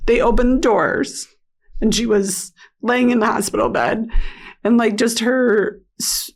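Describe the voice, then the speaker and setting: A woman, a mother and interview guest, telling a painful family story in a halting way, full of restarts and fillers. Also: on the high side, steady tone, gravelly. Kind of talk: emotional personal storytelling.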